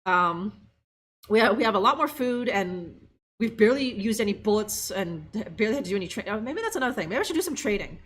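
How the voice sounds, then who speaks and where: Woman game streamer, lively and bright, chatty and giggly, riffing with chat. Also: mid-range voice, quick pace, breathy edge. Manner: chatty, laughing, talks to chat. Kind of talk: live gameplay commentary.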